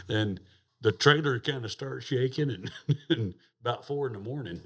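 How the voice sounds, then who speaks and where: A man's voice: mid-range voice, measured pace, fairly bright tone, slightly rough. A man, a podcast guest telling a rowdy, profane story in casual chat and laughing as he goes. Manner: rowdy, profane, laughs through his stories. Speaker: podcast guest, rodeo champion.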